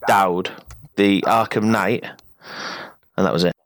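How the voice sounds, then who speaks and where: A man in casual chat, rambling and halting with frequent laughs. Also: low voice, steady tone, a little hiss or hum. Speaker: podcast co-host.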